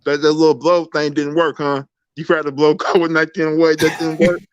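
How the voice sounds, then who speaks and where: A man's voice: a little high, flat delivery, brisk, smooth, voice pushed down, close to an everyday voice. A man voicing a smug male devil in a mocking, gloating tone. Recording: dull lo-fi audio.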